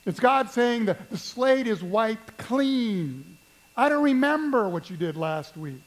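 A man's voice: extremely high pitch, animated, takes it slowly, low-quality recording. A man preaching a sermon, telling a story in a conversational way and asking the congregation questions. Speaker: pastor.

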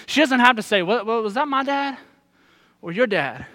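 A man's voice: very high voice, expressive, moderate pace, a bit bright. A man in his thirties preaching a sermon, earnest and putting direct questions to his listeners. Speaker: pastor.

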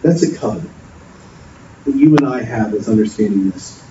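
A man's voice: lowish voice, normal speed, long pauses. A man preaching a sermon, earnest and storytelling, often repeating himself. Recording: distant, dull, noisy echoey hall.

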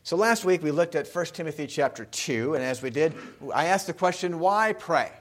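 A man's voice: on the high side, brisk. A male pastor giving a sermon in a conversational way, often putting questions to the congregation.

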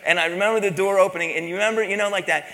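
A man's voice: high voice, fairly even intonation, rapid-fire, sharp tone, long reverb tail. A man preaching a sermon as pastor, telling a personal story with mimicked voices and laughter.

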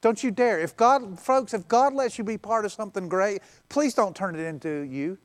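Male pastor, higher-pitched voice; preaches in surges from soft to fervent, dry close recording. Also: moderate pace, dry recording. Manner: builds from quiet to impassioned, pleading repetition. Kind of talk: sermon.

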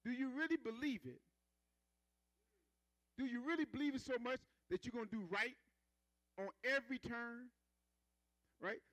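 A man's voice: extremely high pitch, normal speed, long pauses, fairly bright tone, dry recording, lo-fi sound. A man preaching a sermon in a conversational style, calling for responses from the congregation and building rhythmic emphasis.

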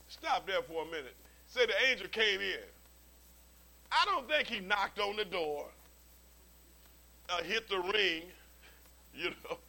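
A pastor preaches a sermon in a high voice, captured on a low-quality recording. His storytelling is animated, full of humorous asides, and he often repeats his words as he starts a sentence.

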